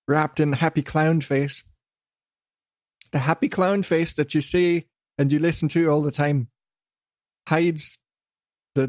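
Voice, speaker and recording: A gruff, theatrical male voice with a put-on Scottish-ish brogue, done by a podcast host, sitting higher than his everyday talk. It is recorded dry and close, and it rambles with manic showmanship. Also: no room sound, lightly acted.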